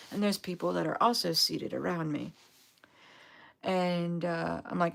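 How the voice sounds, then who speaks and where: Chatty woman with a gravelly voice. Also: on the low side. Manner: chatty, rambling, upbeat with fillers. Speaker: vlogger, duck owner. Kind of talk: casual livestream storytelling.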